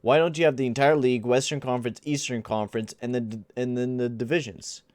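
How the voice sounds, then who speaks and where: A man's voice: medium pitch, fairly even intonation, fairly quick, a little mellow, no room sound. A young man giving casual gameplay commentary, rambling and exasperated, full of slang like "dude" and "bruh". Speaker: gaming channel host.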